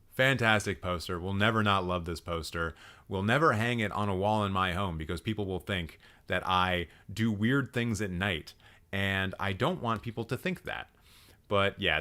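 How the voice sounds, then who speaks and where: Give me a lively, profane man on a live stream. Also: low-pitched. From Canada. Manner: animated, profane, mock-outraged ranting. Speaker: livestream host roasting viewers' film profiles.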